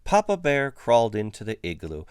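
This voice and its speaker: A man reading a children's picture book aloud in an unhurried, expressive way. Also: on the low side, clear, resonant tone, no echo, clean studio sound. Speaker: storyteller.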